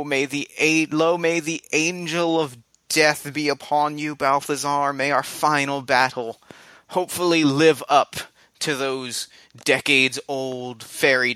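A man putting on a booming, grandly menacing ancient foe, calling out in archaic, theatrical phrases. The voice rings bright and forceful, lifted well above a normal speaking voice, with a dry, close sound. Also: clean tone, no room sound.

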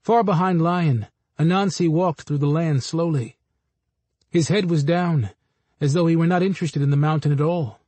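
A man reading a memoir aloud in a steady, measured storytelling voice. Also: on the high side, no echo. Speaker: narrator. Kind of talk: audiobook memoir narration.

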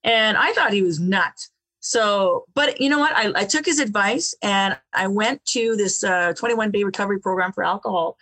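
Animated woman telling her own story. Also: mid-range voice, moderate pace. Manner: animated, repeats words, laughs between phrases. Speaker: interview guest, author. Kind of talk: personal storytelling in conversation.

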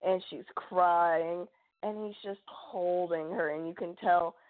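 This podcast co-host, a woman with a lowish voice, jokes and rambles through film scenes in slow, lively casual chat. The audio is dry yet sounds thin and phone-like.

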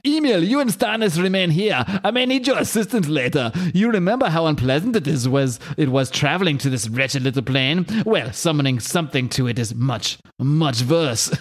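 A man's voice: fairly high pitch, animated, voice pushed up. A man doing a cold, formal sorcerer villain. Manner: formal, measured and condescending. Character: calm, cruel male sorcerer villain, the father of two henchmen.

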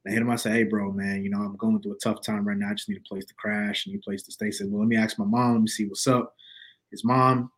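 A young adult man, a podcast guest, telling his story in a lively, slangy way and acting out the quotes. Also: on the low side, fast. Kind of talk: storytelling in casual conversation.

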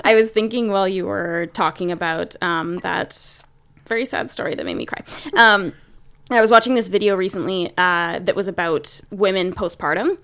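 A young adult woman hosting a podcast, chatting in a relaxed, reflective way. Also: mid-range voice. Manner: relaxed, reflective, quick to agree and laugh along. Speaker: podcast host. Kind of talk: casual chat.

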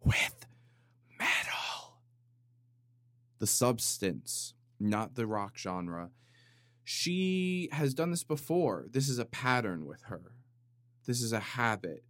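A man's voice: medium pitch, big pitch swings, slow, dry recording, clean studio sound. A man hosting a podcast in a casual comedic monologue, rambling, cutting himself off and building jokes with mock drama. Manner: rambling, self-interrupting, jokey and dramatic. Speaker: podcast host. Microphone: studio microphone with compressor.

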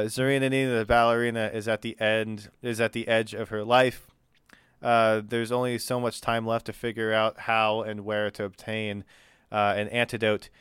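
A man's voice: fairly low pitch, a bit bright, clear, resonant tone, no echo, clean studio sound. A man narrating a tabletop game as game master, hesitant with many fillers.

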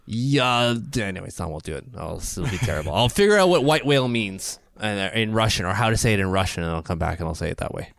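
A man's voice: low voice, expressive, quick pace, gravelly, hardly any pauses, a bit bright, dry recording. A man co-hosting a podcast in casual chat, chatty and storytelling. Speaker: podcast co-host.

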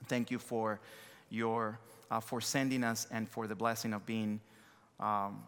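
Earnest Dominican-accented pastor in a reverberant church. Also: male voice, lowish voice, flat delivery, smooth. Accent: Dominican Spanish. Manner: earnest, halting with fillers, hushed in prayer. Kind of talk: church announcements and prayer before a sermon. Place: church sanctuary. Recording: long hall reverb.

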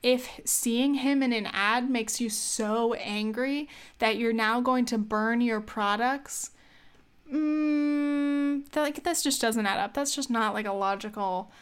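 A woman's voice: on the high side, slow pace, smooth. A young woman giving a casual opinion monologue, chatty and wry, laughing at herself and trailing off mid-thought.

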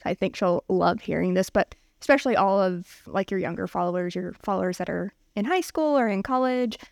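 A woman fitness coach co-hosting a podcast, chatting casually with quick affirmations. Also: medium pitch, creaky, no echo, clean studio sound.

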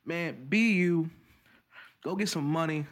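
A man's voice: fairly high pitch, slow pace. A man co-hosting a podcast, ranting bluntly and profanely in casual chat. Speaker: podcast co-host.

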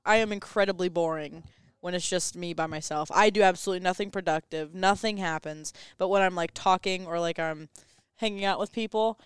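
A teenage girl co-hosting a casual podcast from a classroom, laid-back and quick to laugh. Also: fairly low pitch, smooth, no echo, studio quality. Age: teens. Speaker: podcast co-host. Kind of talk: casual chat.

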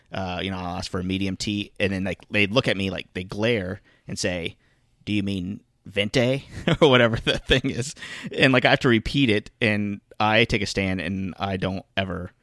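Gravelly low-voiced man, grumpy and rambling. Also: fairly even intonation, a little fast, fairly bright tone, no echo, clean studio sound. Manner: grumpy, rambling with fillers and restarts. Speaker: podcast co-host. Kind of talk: casual chat.

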